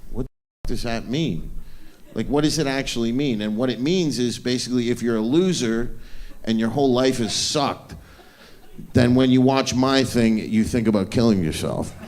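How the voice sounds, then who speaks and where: A man's voice: mid-range voice, normal speed, darkish tone. A man doing a stand-up comedy set on a club stage into a handheld mic, with a crude, mocking, swaggering delivery.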